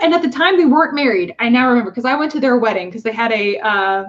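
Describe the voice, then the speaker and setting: A woman telling a personal story in casual conversation, halting with fillers and acting out the voices of people she quotes. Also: a little high, expressive. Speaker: guest. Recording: dull lo-fi sound.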